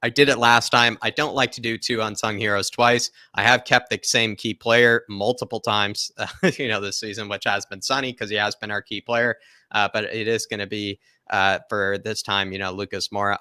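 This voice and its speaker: A man's voice: fairly low pitch, bright, forceful tone, smooth, dry recording, studio quality. Chatty man hosting a football live stream. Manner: chatty, rambling with fillers and laughs. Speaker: football channel host. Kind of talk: live stream chat reading viewer comments.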